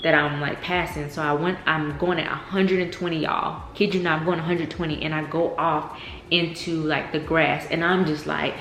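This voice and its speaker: A young woman telling a storytime vlog, animated and chatty, often saying "y'all.". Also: low voice, moderate pace. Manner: animated, addresses viewers as y'all, many fillers. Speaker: vlogger. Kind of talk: casual storytime. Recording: echoey room with faint noise.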